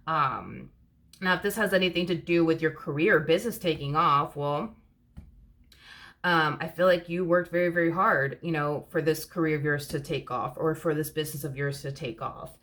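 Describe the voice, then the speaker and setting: Woman, low voice, tarot reader, casual rambling monologue, lots of fillers. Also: moderate pace, a bit bright. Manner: chatty, rambling, many fillers and "you know".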